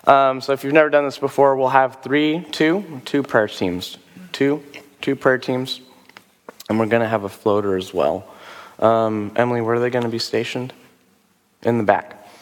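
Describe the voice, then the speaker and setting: Pastor with a rough voice in a reverberant hall. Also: male voice, mid-range voice, normal speed. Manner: conversational, musing, with fillers and rhetorical questions. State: rough voice after a sore throat. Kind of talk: sermon with altar call. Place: church service.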